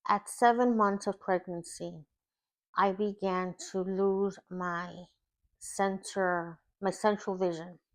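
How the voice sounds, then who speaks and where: A woman's voice: medium pitch, steady tone, slow. A woman life coach telling her personal testimony in an earnest, emotional way, often repeating words for emphasis. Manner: earnest, emotional storytelling with repetition.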